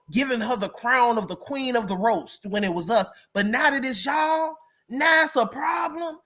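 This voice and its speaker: A woman hosting a casual live-stream reaction chat who talks in a dramatic, gossipy way, laughs loudly and often, and swings between loud outbursts and quiet asides. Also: medium pitch.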